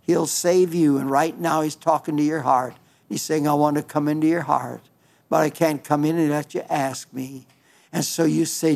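A man preaching a sermon, earnest, with halting restarts and emphatic quoting of scripture. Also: fairly high pitch, steady tone, gravelly, a little mellow.

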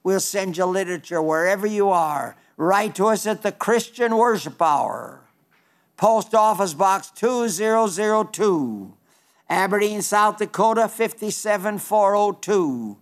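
A man preaching a radio sermon in an earnest, pleading way, slowing down to read scripture and poetry aloud. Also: high voice, expressive.

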